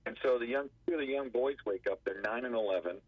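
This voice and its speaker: Attorney guest calling in by phone, a husky man who acts out quotes, a muffled and dry line. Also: medium pitch, fast, no echo. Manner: animated storyteller acting out quotes. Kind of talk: radio phone interview storytelling. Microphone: telephone.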